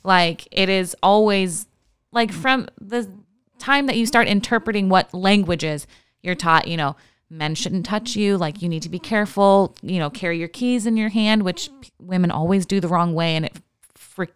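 A woman's voice: mid-range voice, moderate pace, smooth. A woman guest on a podcast in a studio, chatting bluntly and animatedly, swearing freely. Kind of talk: casual chat.

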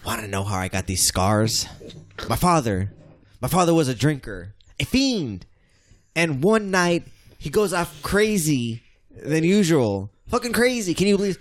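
A man hamming up a manic male clown villain, cackling and shouting over the top of a crowd. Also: on the high side, sing-song, unhurried, pitched above the performer's own voice.

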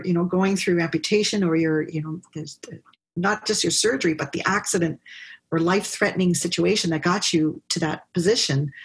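A woman interviewed as a business founder, telling her story in an animated way and acting out what people said. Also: lowish voice, slightly rough. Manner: animated storyteller, laughs often, acts out quotes. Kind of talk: conversational interview.

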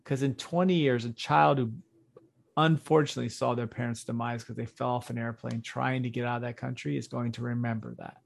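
A man's voice: mid-range voice, fairly even intonation, brisk, gravelly. A young man co-hosting a podcast in casual political chat, blunt and swearing, laughing often. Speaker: podcast co-host.

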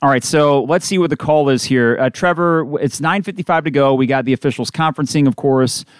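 A man hosting a podcast, calling a basketball game live with bursts of excitement. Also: on the high side, brisk, smooth, no room sound, clean studio sound. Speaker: podcast host doing live game reaction. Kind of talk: excited play-by-play commentary.

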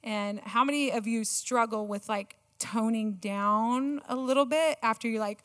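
A middle-aged woman giving a sermon with a personal story, excitable and self-mocking, laughing often. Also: fairly high pitch, a little slow. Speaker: church speaker. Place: church auditorium. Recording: long church hall reverb.

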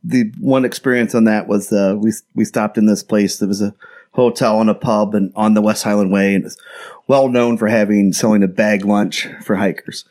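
Low-voiced man telling hiking stories. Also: steady tone, moderate pace, a little mellow. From United States. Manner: rambling, anecdotal, many restarts. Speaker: guest. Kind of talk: casual storytelling chat.

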